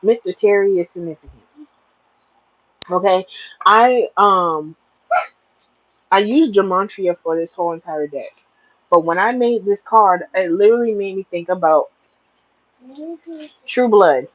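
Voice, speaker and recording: A woman's voice: medium pitch, a little slow, pauses often, muffled recording. Emphatic woman giving a spiritual reading. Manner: emphatic, preachy, plain-spoken. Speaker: tarot reader.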